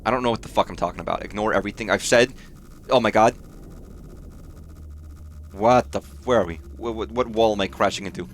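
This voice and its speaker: A man's voice: lowish voice, brisk, pauses often, slight background noise. A man hosting a let's play, muttering and swearing at the screen, with startled reactions. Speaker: host of a gaming channel.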